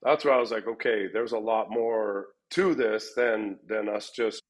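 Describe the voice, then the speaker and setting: A man's voice: lowish voice, a little slow, low-quality recording. A middle-aged man, a fight gym coach, answering interview questions in a rambling way, often restarting and repeating words. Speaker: MMA gym head coach.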